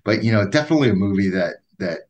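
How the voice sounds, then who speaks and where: A man's voice: fairly low pitch, lively intonation, rapid-fire, darkish tone. A man co-hosting a podcast, talking in an easygoing, rambling way with many repeats and restarts. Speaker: podcast co-host. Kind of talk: casual podcast chat.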